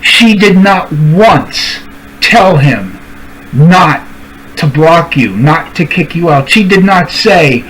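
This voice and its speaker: A man's voice: a little high, very animated, slow, a bit bright, a little hiss or hum, poor audio. A streamer ranting to camera, calling out people by name and repeating his points for emphasis. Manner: confrontational, addresses people directly by name. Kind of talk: angry rant to camera.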